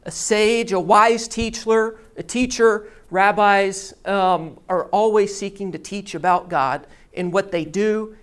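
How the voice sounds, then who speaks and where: A pastor preaching a sermon, telling a story and teaching in a deliberate storytelling manner. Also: medium pitch, fairly even intonation, smooth.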